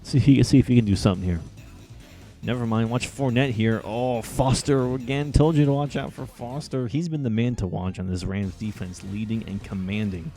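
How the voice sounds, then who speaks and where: A young man doing live play-by-play for a video football game, keeping his excitement quiet so as not to wake his housemates. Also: medium pitch, moderate pace, soft background music. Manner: holding back his volume, hyped but quiet. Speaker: play-by-play commentator. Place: shared house at night.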